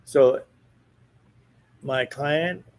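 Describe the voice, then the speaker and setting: Man telling a story, animated. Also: mid-range voice, very slow, slight background noise, poor audio. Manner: animated storyteller who acts out quoted dialogue. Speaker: psychic medium. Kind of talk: casual storytelling chat.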